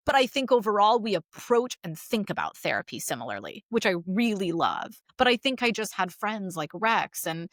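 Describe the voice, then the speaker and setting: A woman therapist co-hosting a podcast in casual chat, telling stories in an animated, expressive way and acting out quotes. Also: mid-range voice, moderate pace, few pauses, no echo, clean studio sound. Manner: animated, expressive storyteller who acts out quotes.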